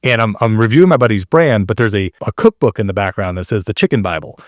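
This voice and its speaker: A man in his thirties hosting a marketing podcast, telling stories in a casual, animated way with quick asides. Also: fairly low pitch, no echo, studio quality. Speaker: podcast host. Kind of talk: casual interview chat.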